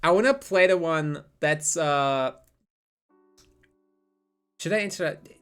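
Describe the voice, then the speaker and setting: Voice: medium pitch, slow, fairly bright tone, smooth, faint music behind. A streamer chatting casually and rambling on a live stream, swearing freely and often cutting off their own sentences. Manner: rambling, profane, self-interrupting.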